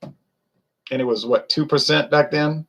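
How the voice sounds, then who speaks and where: A man's voice: a little high, fairly even intonation, slow, fairly bright tone, dull audio. A man ranting in a casual monologue, opinionated and rambling, full of rhetorical questions. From United States. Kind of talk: casual rant to camera.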